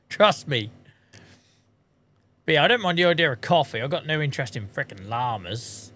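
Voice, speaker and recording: A man's voice: a little high, expressive, moderate pace, long pauses, bright, forceful tone. A man streaming a game, chatting casually in a self-mocking way and swearing casually now and then. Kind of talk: casual livestream chat.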